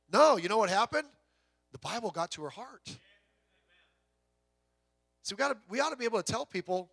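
A man's voice: sits high, brisk, pauses often, no echo. A middle-aged male pastor preaching in a conversational, joking way, telling stories and acting out voices. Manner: animated storyteller, acts out voices, rising to loud exclamations. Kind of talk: conversational sermon with humor.

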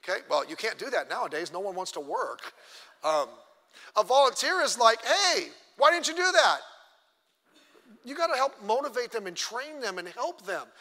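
A man's voice: sits high, very animated, fairly quick, pushed and bright. A middle-aged man, a pastor, teaching a church class in a chatty, self-deprecating way and acting out little quotes. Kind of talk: conversational sermon teaching. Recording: long church hall reverb.

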